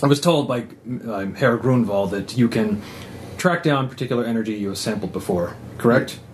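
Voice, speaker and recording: A man's voice: medium pitch, slight background noise, lightly acted. A man voicing a large, proud male cat who serves as a royal guard. He speaks in a stiff, formal way that often halts. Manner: stiff, formal, halting speech.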